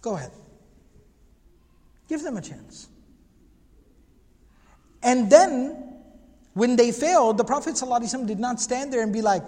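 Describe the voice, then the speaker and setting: Very high-pitched and animated, his slightly mellow voice moves a little fast with frequent pauses, echoing in long hall reverb. Teaching a religious class on prophetic biography, he repeats himself emphatically, asks rhetorical questions and recites Arabic phrases.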